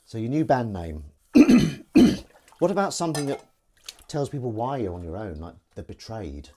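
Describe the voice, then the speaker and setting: A man's voice: medium pitch, very animated, moderate pace, mellow. Guy chatting on a stream over the sink, jokey and rambling, voice swoops up and down, faint noise behind. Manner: rambling, self-mocking banter. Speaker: live streamer. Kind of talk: casual chat while washing up. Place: kitchen at the sink.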